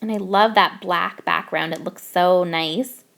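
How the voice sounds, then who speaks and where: A woman's voice: lowish voice, unhurried, gravelly, fairly bright tone. A young woman from Canada narrating her craft process in a bubbly, gushing way. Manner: bubbly, gushing over cute details. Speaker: craft YouTuber.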